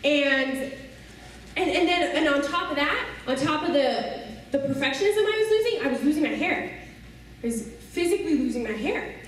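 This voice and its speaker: A woman with a high voice tells her personal story to a youth audience, earnestly and often checking in with them. She is heard from across a large, very echoey hall, a little distant from the mic, with faint noise behind her. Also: expressive, normal speed. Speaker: speaker addressing a youth audience. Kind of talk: personal testimony talk.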